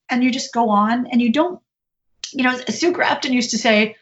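A woman author and former reporter talking about writing in a casual interview, in an animated, chatty way with many restarts. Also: fairly high pitch, moderate pace, muffled recording.

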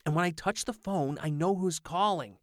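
A man putting on an excitable teenage boy. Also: sits high, normal speed, no room sound, studio quality, pitched above the performer's own voice, close to an everyday voice. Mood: eager insistent. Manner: eager, breathless, pleading. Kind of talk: audiobook character voice.

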